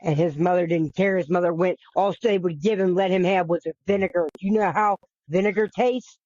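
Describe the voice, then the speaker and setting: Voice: medium pitch, fairly even intonation, a little fast, darkish tone, dry recording. A podcast host retelling a bible story in a casual, earnest way, with frequent restarts, repetition and the odd swear. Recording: dull, dry lo-fi recording.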